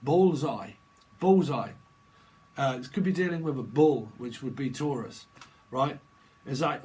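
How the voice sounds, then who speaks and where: A man's voice: mid-range voice, animated, measured pace, darkish tone. A man giving a rambling, jokey tarot reading, free-associating and laughing often. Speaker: tarot reader. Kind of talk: rambling solo reading video.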